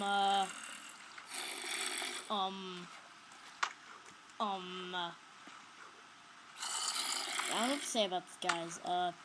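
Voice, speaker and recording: Woman, casual gameplay commentary, jumpy, shrieks when startled, noisy homemade recording. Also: mid-range voice. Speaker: gamer narrating her play.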